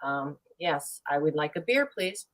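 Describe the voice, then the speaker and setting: A woman voicing a stubborn, polite male dog in a western joke, calm and insistent. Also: deep voice, measured pace.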